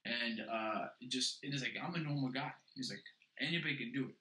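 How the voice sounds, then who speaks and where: A man rambles through a casual podcast chat, full of filler words and curses. His tone is very bright and sharp. It sounds like he is in a roomy, echoey space. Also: mid-range voice, fairly quick. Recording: roomy echo.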